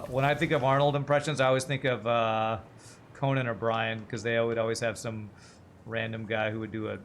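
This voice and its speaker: A man's voice: on the low side, a little hiss or hum. A man streaming a game, thinking aloud as he works out numbers under his breath and chats casually with his viewers. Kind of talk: casual livestream gameplay commentary.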